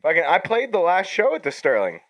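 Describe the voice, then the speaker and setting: Bright-voiced man chatting casually. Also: sits high, wildly swooping pitch, a little fast, dry recording, poor audio. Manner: profane, eager, reminiscing. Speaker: podcast co-host, musician. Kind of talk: casual chat.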